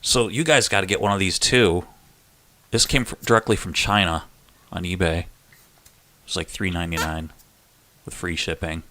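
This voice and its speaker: A man's voice: sits low, fairly even intonation, moderate pace, long pauses, bright, forceful tone. A man hosting a casual live chat stream, joking and laughing with viewers as he reads their messages. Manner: chatty and joking, laughs often.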